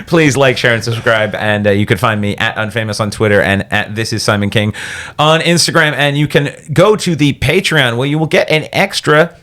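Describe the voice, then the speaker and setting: A man's voice: medium pitch, moderate pace, a bit bright. A man hosting a comedy podcast in a studio, cracking up at his own jokes as he riffs. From Canada. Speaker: podcast host.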